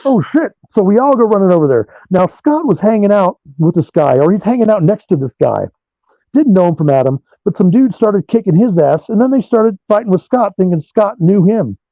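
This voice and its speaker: High-voiced swearing rock guitarist. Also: male voice, brisk, no room sound. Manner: animated, swears freely. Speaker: guitarist guest. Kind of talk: profane storytelling interview. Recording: dull lo-fi dry sound.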